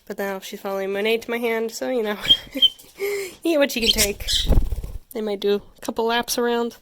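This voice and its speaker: A woman's voice: fairly high pitch, fairly quick, very noisy. Giggly woman cooing over her pets. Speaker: pet vlogger. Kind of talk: casual vlog chat. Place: home pet room.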